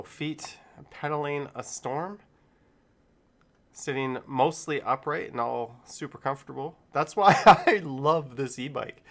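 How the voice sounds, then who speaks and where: A man's voice: mid-range voice, fairly bright tone. A middle-aged man hosting a casual live stream, rambling in an easygoing way and chuckling often. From Canada.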